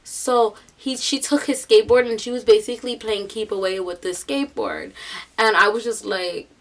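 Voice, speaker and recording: This young American vlogger, speaking with a New York accent, has a mid-range voice and a moderate pace. Her storytelling is chatty and lively, full of quoted voices and fillers such as "like" and "um."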